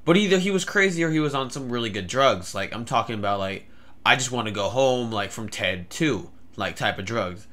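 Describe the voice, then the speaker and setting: A man's voice: medium pitch, expressive, brisk, hardly any pauses, a bit bright. A young man telling a story in a rambling vlog, with many fillers and stammered restarts. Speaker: vlogger.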